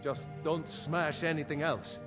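A man's voice: on the high side, fairly even intonation, measured pace, over music, natural voice. An actor voicing a frightened male shopkeeper in a video game, whiny and pleading. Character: panicky male shopkeeper pleading for his wares.

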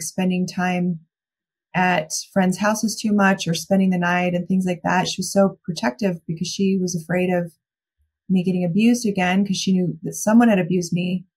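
A woman's voice: fairly low pitch, darkish tone, husky. A young adult woman giving a candid, reflective personal account as a guest in a podcast interview.

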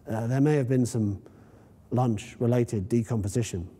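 A man's voice: medium pitch, moderate pace, warm tone, breathy edge, lightly acted. A man voicing a frail, tearful male scientist in a story reading, eager and rambling, in a reverberant hall. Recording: long reverb in a lecture hall.

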